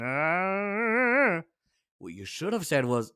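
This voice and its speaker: Hosting a political commentary program, this man has a high, smooth, sing-song voice, speaking slowly with frequent pauses. His tone is opinionated, sarcastic, and fed up, punctuated by abrupt shouted bursts.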